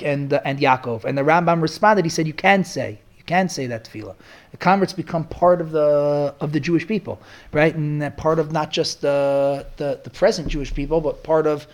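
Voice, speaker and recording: This is a lively teacher speaking in a mid-range voice, working through a Bible lesson. The delivery is animated, and Hebrew quotations are woven into the English explanation. Rhetorical check-ins to the listeners come up often. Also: medium pitch. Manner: animated, keeps asking "right?". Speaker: Torah teacher.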